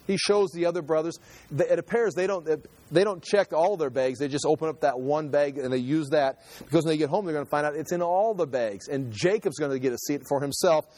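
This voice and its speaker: Guy going through a bible passage verse by verse, kinda high voice, dry sound, lots of restarts. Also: a little fast, darkish tone, dry recording. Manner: conversational, reads scripture then explains it in his own words; frequent restarts and repeated words. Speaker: Bible teacher.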